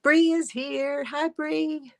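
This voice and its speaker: A woman's voice: sits high, fairly even intonation, slow pace, creaky. A woman hosting a casual crochet livestream from her phone, chatting, laughing often and greeting viewers by name.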